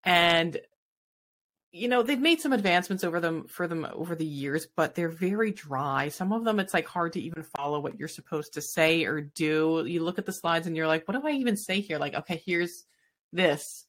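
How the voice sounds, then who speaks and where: A fast-talking woman panelist speaks candidly and rambles a little. Her voice is a touch lower than most women's. She keeps the tone casual and unpolished. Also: fairly bright tone.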